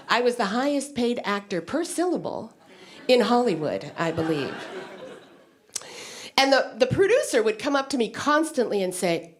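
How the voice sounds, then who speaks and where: A woman comedian telling stories on stage in an animated stand-up delivery. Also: moderate pace. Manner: animated storytelling with wide pitch swings.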